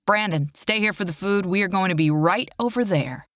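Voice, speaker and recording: A woman voicing a dominant, possessive young biker boyfriend who talks in a quick growl. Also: mid-range voice, a bit bright, no echo, clean studio sound, close to an everyday voice. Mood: growly.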